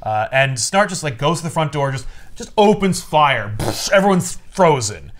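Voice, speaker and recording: A man hosting a podcast, casually recapping a comic story in an animated way, acting out the characters and saying "like" often. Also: fairly high pitch, normal speed. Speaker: podcast host.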